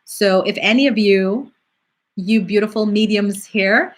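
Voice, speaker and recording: A middle-aged woman, a psychic medium, talking casually on a live stream and answering viewer questions in a chatty, animated way. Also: medium pitch, a little slow. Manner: chatty, animated, acts out quoted voices.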